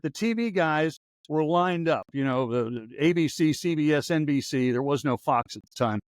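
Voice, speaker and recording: A man's voice: on the high side, expressive, moderate pace, no echo. A man in his sixties, a former radio newsman hosting a podcast, telling stories in a rambling, wry, anecdotal way. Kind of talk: casual storytelling chat.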